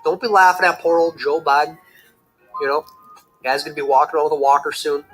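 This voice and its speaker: A man hosting a reaction video, cracking jokes and asides in an animated way. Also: a little high, quick pace, soft background music, poor audio. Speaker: host.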